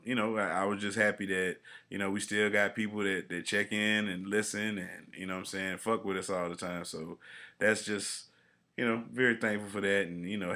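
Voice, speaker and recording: A man's voice: low-pitched, pushed and bright. A man co-hosting a casual podcast, talking in a laid-back, rambling way with lots of fillers. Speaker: podcast co-host.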